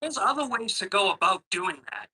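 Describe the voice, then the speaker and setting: Middle-aged man, caller on a computer mic, rambling and hesitant, swears a lot, very bright and sharp tone. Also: high-pitched, sing-song, brisk, slight background noise, poor audio. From Boston, Massachusetts. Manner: rambling, hesitant, profane ranting. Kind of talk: casual call-in chat. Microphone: computer microphone.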